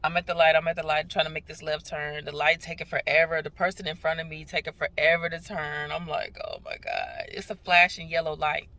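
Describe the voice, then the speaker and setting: A woman's voice: low voice, flat delivery, brisk, few pauses, pushed and bright. A young woman vlogging in a casual, chatty way and telling stories with a lot of drama. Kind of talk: casual vlog chat.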